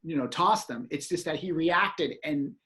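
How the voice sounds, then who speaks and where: A man telling a story in casual chat, animated and acting out reactions with exclamations. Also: fairly high pitch, unhurried.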